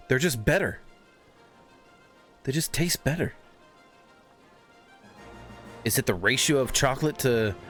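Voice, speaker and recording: A man's voice: medium pitch, a bit bright. A man streaming a video game, chatting casually with viewers, rambling and swearing with lots of restarts. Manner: rambling, profane, stumbling restarts. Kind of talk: casual gameplay chat.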